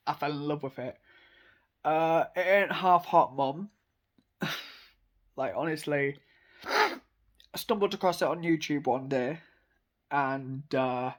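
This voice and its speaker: A young man talking casually and with enthusiasm, rambling with lots of fillers and little laughs. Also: fairly high pitch. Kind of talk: casual monologue.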